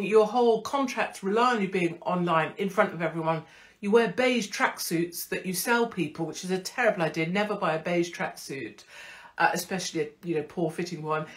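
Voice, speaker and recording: A middle-aged woman hosting a casual live stream, blunt, rambling and profane. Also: mid-range voice. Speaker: host.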